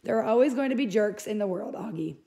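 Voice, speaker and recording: A woman reading aloud voices a gentle, caring mother of a young boy, speaking softly and reassuringly. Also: mid-range voice, lively intonation, quick pace, vocal fry.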